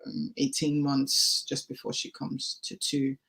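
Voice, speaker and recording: A woman telling her personal story as a podcast guest, candid and animated, acting out the dialogue she recalls. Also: extremely low pitch, a little slow, vocal fry. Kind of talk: personal testimony in a podcast interview.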